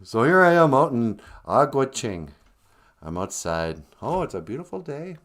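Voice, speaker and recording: Man hosting a livestream, lively pitch, jokey storyteller, middle-pitched voice. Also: normal speed. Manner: joking storyteller, acts out voices. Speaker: livestream host. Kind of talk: casual livestream chat.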